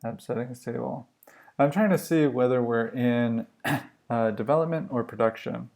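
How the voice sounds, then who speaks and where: A man live coding on a stream, thinking aloud in a musing, halting way and questioning himself as he works. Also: mid-range voice, creaky, darkish tone. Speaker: livestream coder.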